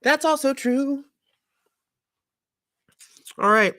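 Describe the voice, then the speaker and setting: A man's voice: extremely high pitch, very slow, bright, forceful tone, no echo, studio quality. A man co-hosting a casual chat, laid-back and self-mocking, with many fillers. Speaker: musician co-host.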